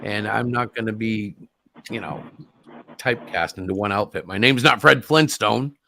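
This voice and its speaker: A man's voice: on the low side, normal speed, vocal fry, pushed and bright, slight background noise. A man hosting a casual group livestream chat over a video call, joking and rambling, laughing often. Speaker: host.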